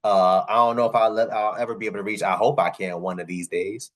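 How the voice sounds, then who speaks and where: A man from the American South with a Southern accent, hosting a casual reaction video with animated, repetitive commentary. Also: on the low side, fast talker. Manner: animated, repetitive, laughing asides.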